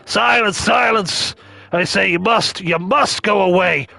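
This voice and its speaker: A man voicing a blustering old male performer bent on chaos in a game, in a gruff put-on voice. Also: sits high, a little slow, no room sound, full character voice. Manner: blustering, growled shouting. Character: gravelly old male mischief-making performer.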